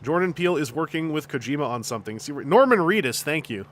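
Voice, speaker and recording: A man's voice: fairly high pitch, lively intonation, a little fast, slight background noise. A man chatting casually on his stream, rambling and jokey, often laughing and restarting his sentences. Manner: rambling and jokey, with frequent restarts, laughter and silly put-on voices.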